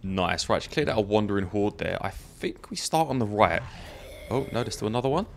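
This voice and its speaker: Gravelly-voiced man narrating gameplay. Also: on the low side, expressive, brisk, slight background noise. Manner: chatty, laughs often, thinks aloud. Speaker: gaming YouTuber. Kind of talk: let's play commentary.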